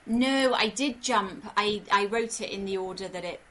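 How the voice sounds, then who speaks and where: A woman from Wales, an author answering interview questions in a thoughtful, soft-spoken way. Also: mid-range voice, moderate pace, rough recording. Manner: thoughtful, soft-spoken, uses many fillers. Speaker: author, podcast guest.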